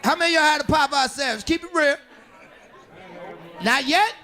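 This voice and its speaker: A man doing stand-up comedy, loud and animated, talking with the audience and putting on voices for characters. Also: very high voice, normal speed, a faint crowd. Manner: talks with the audience, asks them questions. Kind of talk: stand-up crowd work. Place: comedy club stage. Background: audience laughing.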